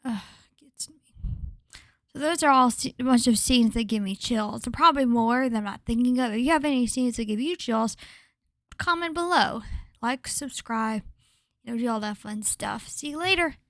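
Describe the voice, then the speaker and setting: A woman vlogger with a slightly high voice, recorded close and dry with no room sound. She gushes in a casual, rambling way, full of fillers and restarts, often slipping into a breathy whisper. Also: moderate pace, a bit bright, no echo. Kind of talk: casual vlog commentary.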